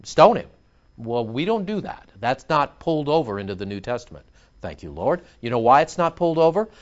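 A man's voice: on the high side, a bit bright, highs cut off. A man preaching a sermon as pastor, emphatic and confrontational, scolding his listeners.

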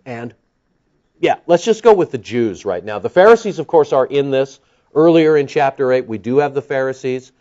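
A man preaching a verse-by-verse Bible teaching sermon, moving between emphatic bursts and low, confiding explanation. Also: lively intonation, normal speed, dark tone. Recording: dull lo-fi recording.

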